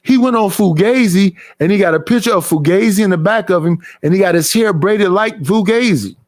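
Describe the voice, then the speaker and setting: A middle-aged man hosting a livestream in a casual chat, telling animated stories. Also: sits high, a little fast. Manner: animated storytelling with acted quotes. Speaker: livestream host.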